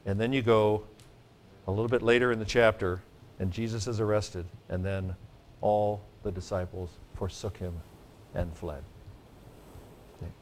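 A man teaching a Greek grammar class, lecturing in a lively, joking way and stressing his points. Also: on the low side, moderate pace, pauses often, slight background noise. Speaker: Greek professor.

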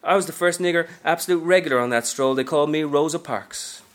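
A man's voice: on the high side, fast, a bit bright, pitched above the performer's own voice, close to an everyday voice. A man reading aloud from a novel, narrating as a brash, streetwise aging woman hustler in a sassy first-person style. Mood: wisecracking.

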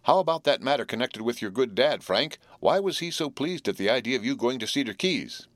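A man voicing a curious, always-hungry teenage boy who demands answers excitedly in a storybook. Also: mid-range voice, fairly quick, no echo, voice pushed up, close to an everyday voice. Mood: eager.

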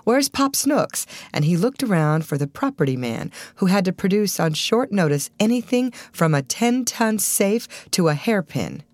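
A woman narrating a storybook in a steady reading manner. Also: on the low side, normal speed, few pauses, no room sound. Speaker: audiobook narrator. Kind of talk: scripted narration.

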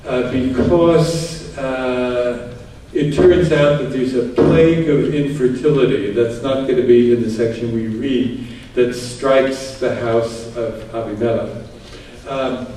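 A man who translates scripture gives a lecture, reading passages aloud and explaining his choices in a measured, thinking-aloud way. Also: mid-range voice, mellow. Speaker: Bible translator giving a talk. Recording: distant mic in echoey room, faint noise.

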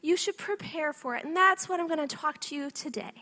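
High, bright-voiced woman telling stories. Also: a little fast. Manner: animated storytelling with frequent "okay?" asides. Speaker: speaker addressing an audience. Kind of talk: faith-based motivational talk.

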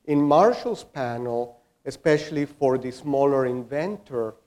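A man's voice: medium pitch, expressive, measured pace, a little mellow. A man speaking as a panelist in a discussion, explaining his point with everyday examples.

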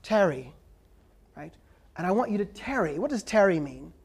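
A man's voice: sits high, sing-song, moderate pace, creaky, slightly rough. Emphatic male professor lecturing. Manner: emphatic, frequently ends points with "right?". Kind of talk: lecture with audience questions.

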